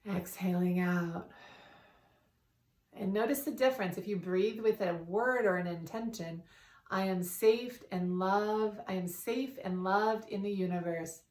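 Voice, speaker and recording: A woman guiding a meditation in a calm, soothing way, leading breaths and repeating affirmations. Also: medium pitch, measured pace. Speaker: meditation guide. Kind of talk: guided meditation. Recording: roomy, distant from the mic.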